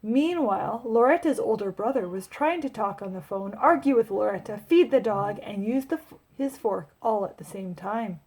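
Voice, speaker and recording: Expressive woman reading a picture book. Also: medium pitch, normal speed, slightly rough. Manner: expressive storyteller. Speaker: teacher. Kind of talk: children's read-aloud.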